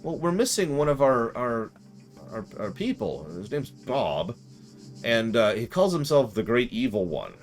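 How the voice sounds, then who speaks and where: A man's voice: mid-range voice, sing-song, measured pace, soft background music. A man voicing polite, hesitant little kobold creatures who stammer timidly.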